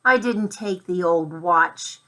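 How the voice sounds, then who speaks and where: A woman's voice: on the low side, slow pace, a bit bright, poor audio. A woman voicing a stubborn young boy who speaks bluntly and wonders aloud, in a children's storybook reading. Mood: sullen.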